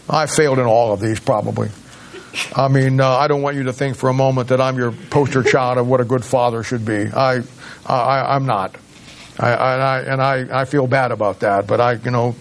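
Halting, emphatic preaching man. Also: medium pitch. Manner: halting with many restarts, rising to emphatic peaks. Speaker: pastor. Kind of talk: sermon.

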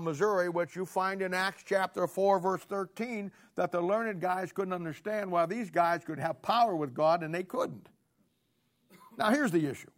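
A man's voice: sits high, a bit bright. A male pastor, preaching a folksy, sarcastic sermon full of rhetorical questions to his congregation.

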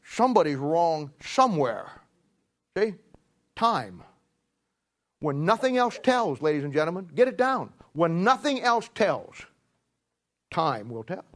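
A man preaching a sermon, emphatic and repetitive, swinging between loud emphasis and hushed, drawn-out lines. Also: a little high, sing-song.

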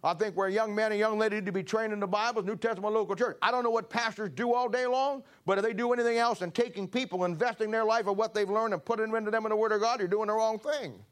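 A high-pitched man preaching with folksy emphasis. He talks as a pastor to his congregation, pushing his points in rising bursts. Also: steady tone, quick pace, few pauses. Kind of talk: sermon.

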